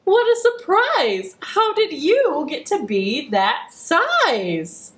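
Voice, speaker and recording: A woman voicing a frightened little boy lost in the woods, with high squeaky cries. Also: big pitch swings, slow. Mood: amazed. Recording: echoey living room.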